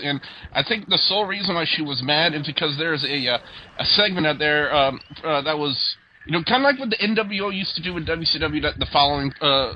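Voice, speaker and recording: A man's voice: a little high, slight background noise. Man recapping wrestling on a lo-fi podcast. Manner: rambling recap with many fillers. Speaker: host. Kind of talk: casual wrestling review chat. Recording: dull lo-fi podcast audio.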